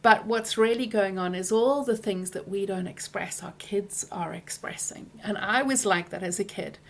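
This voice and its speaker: Woman talking straight to camera, earnest and gentle, voice drops soft at the ends. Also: mid-range voice, normal speed, vocal fry. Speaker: program coach. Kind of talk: speaking directly to viewers.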